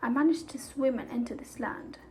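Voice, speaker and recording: A woman's voice: high voice, normal speed, a little mellow. A woman reading the lines of a bewildered shipwrecked young man, in a confused, questioning way.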